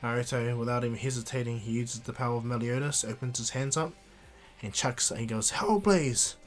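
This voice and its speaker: A man casually improvising a fan story, rambling with fillers and restarts. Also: medium pitch.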